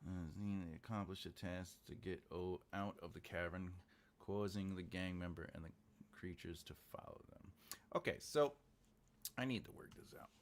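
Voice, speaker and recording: A man's voice: low voice, normal speed. A man writing a book live, thinking aloud and chatting with viewers as he types his outline. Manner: thinks aloud, mutters while typing, chats with viewers. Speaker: author livestreaming a writing session. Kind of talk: casual livestream chat while typing.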